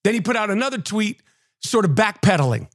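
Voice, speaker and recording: Profane, high-voiced New man ranting. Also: big pitch swings, a little fast, a bit bright, dry recording, clean studio sound. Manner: profane, emphatic, mocking. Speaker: podcast host. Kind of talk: casual rant.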